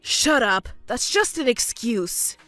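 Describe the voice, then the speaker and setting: A woman's voice: fairly high pitch, expressive, slow pace, fairly bright tone, dry recording, faint music behind. Woman doing an arrogant, scornful young man. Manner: condescending, scolding. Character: arrogant self-important young man, fiancé. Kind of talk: texting story voice acting.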